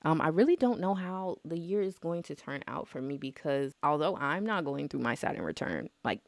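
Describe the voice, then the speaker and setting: Chatty young woman with a gravelly, lively voice. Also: low-pitched, normal speed. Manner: chatty, dramatic storytelling with slang. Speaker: astrology vlogger. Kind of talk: casual chat to camera.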